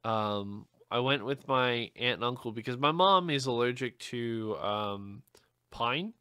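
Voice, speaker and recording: Bright-voiced man trading crude jokes. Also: medium pitch, unhurried, clean tone, dry recording, studio quality. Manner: joking crude banter with frequent swearing. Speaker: podcast co-host. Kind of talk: casual chat.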